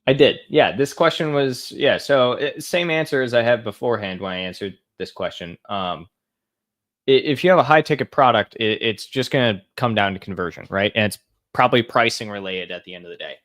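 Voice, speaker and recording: A man's voice: medium pitch, a little fast, a bit bright. A young man hosting a live question-and-answer stream, talking offhand with lots of fillers and restarts. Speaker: host answering viewer questions. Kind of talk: casual live Q&A.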